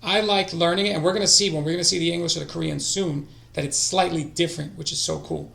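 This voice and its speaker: Gravelly-voiced man muttering through a stream. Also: a little high, steady tone, fast. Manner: talks to himself, drifting into quiet mutters. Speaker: streamer learning languages. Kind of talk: casual live-stream study session. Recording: echoey room.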